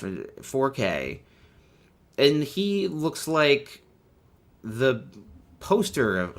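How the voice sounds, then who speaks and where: A man's voice: mid-range voice, fairly bright tone. A man hosting a casual, irreverent comedic commentary, laughing often as he talks. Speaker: host.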